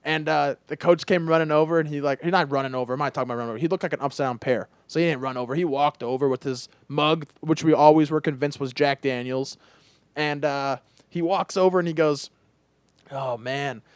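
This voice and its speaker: A young man hosts a casual podcast conversation and tells stories with lively energy and a steady stream of "like". His voice sits a bit high for a man. The sound is dry, with no room echo. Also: fast, smooth. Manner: animated storyteller, heavy use of "like". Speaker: podcast host. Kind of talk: casual chat.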